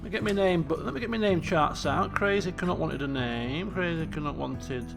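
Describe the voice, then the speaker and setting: A streamer gives casual live commentary on a game, thinking aloud and chatting with his viewers. His voice is gravelly and sits somewhat high for a man, with faint music behind him. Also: fairly quick.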